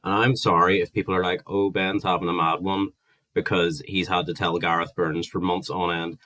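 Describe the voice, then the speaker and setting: A man's voice: sits low, level tone, normal speed, sharp tone. A Northern Irish man in his twenties, ranting angrily and swearing at length in a vlog. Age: 20s. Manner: heated, sweary, exasperated ranting. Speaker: vlogger. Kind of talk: angry ranting monologue.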